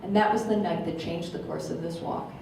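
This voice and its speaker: A woman in her forties from Minnesota with an American accent. She gives a lively, humorous storytelling speech as a guest speaker and acts out the quotes. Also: on the low side, a little fast, gravelly, a little hiss or hum. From Minnesota, USA. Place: meeting hall. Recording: echoey hall, distant mic.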